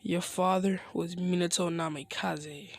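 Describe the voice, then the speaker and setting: A man voicing a calm village leader explaining things to a boy in a fan-made story. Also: high voice, measured pace, gravelly, no echo, heavily acted.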